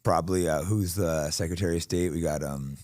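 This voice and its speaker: A podcast host with a very low voice who talks fast and bluntly. He sounds heated and outspoken in casual talk, close to the mic in a dry studio. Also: darkish tone, no room sound. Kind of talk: casual conversation.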